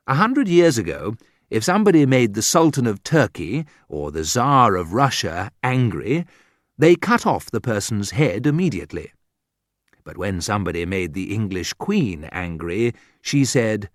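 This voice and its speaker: Slow, lively male audiobook narrator. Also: lowish voice, dry recording, studio quality. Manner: slow, deliberate reading for English learners.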